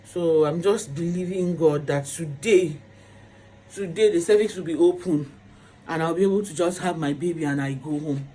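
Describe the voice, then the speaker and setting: A woman's voice: low-pitched, normal speed, mellow, slightly rough. A pregnant woman in a hospital room, tired while awaiting labor, chatting casually to camera and circling back to the same phrases. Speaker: vlogger.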